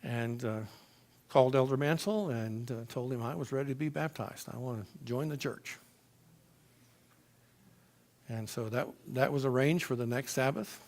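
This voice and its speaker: A man from Florida telling his personal testimony in church, in an animated, emphatic storytelling manner. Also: mid-range voice, normal speed.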